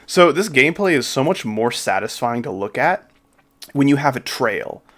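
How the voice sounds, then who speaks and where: Over soft background music, this streamer chats jokingly with viewers as he builds a level, reading their messages and answering in a relaxed way. His mid-range, fairly bright voice swings widely in pitch at a moderate pace, carrying a slight Southern accent.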